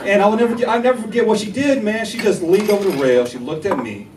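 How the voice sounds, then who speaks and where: A young man from North Carolina, performing a stand-up comedy set with animated storytelling and banter with the audience. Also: sits high, fast, a crowd in the background, background noise. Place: comedy club stage. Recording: echoey club taped from far. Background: laughing live audience.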